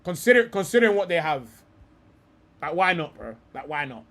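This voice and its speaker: High-voiced swearing streamer. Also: male voice, big pitch swings, normal speed, a bit bright. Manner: swears a lot, thinks aloud, trails off into mutters. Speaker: streamer host. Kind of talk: live reaction talk.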